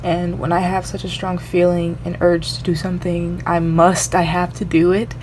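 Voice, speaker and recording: A woman's voice: on the low side, flat delivery, moderate pace, a little mellow, a little hiss or hum. A young woman doing a medium reading on her vlog, earnest and rambling, full of "you know" fillers. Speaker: tarot reader.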